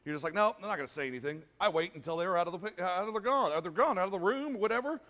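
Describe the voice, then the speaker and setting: A young man preaching a sermon as pastor, animated, acting out quotes and joking with the congregation. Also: high voice, very fast. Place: church sanctuary. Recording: long hall reverb.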